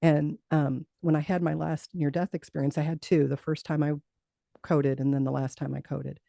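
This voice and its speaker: A woman's voice: low-pitched, little pitch movement, normal speed, creaky, mellow, no echo, studio quality. A middle-aged woman, a guest in an interview, telling a personal story in earnest conversation and acting out the dialogue she recalls. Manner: earnest, acts out quoted dialogue.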